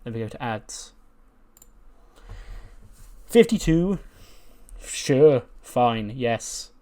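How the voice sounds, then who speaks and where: A man's voice: medium pitch, very animated, drawn-out words, mellow. A man casually narrating a wrestling booking game, chatty and laughing often. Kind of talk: casual let's-play narration.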